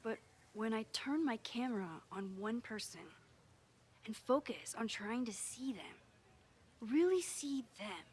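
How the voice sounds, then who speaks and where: An actress voicing a gentle young woman photographer who teaches a class, in video game dialogue. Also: fairly high pitch, expressive, slow, breathy edge, exaggerated voice. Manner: soft-spoken, thoughtful.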